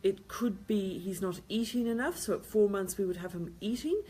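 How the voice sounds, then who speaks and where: A woman's voice: medium pitch, expressive, normal speed, warm tone. A woman host answering viewers' questions on baby sleep, giving practical advice and repeating key points. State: tired, yawning.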